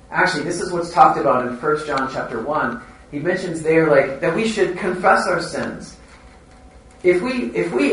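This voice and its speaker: A man's voice: a little high, fairly bright tone. A man preaching a sermon in an earnest manner, driving points home through repetition. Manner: earnest, repetitive emphasis, rising and falling delivery. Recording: roomy echo, heard from a distance, faint ambience.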